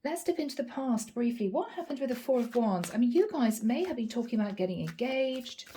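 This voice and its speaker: A woman's voice: fairly high pitch, animated, dark tone. A woman giving a channeled tarot reading in a chatty style, drawing out words for emphasis. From Ireland. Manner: chatty, drawn-out emphatic phrasing. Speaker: tarot reader.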